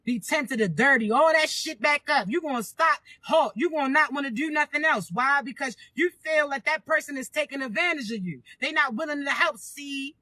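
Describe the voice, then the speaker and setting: Woman, spiritual reader to camera; high, sharp tone, blunt and preachy, lots of rhetorical questions and cussing. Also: moderate pace, hardly any pauses, no room sound. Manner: emphatic and preachy, fires rhetorical questions, swears freely. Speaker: spiritual reader addressing viewers. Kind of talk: casual spiritual reading to camera.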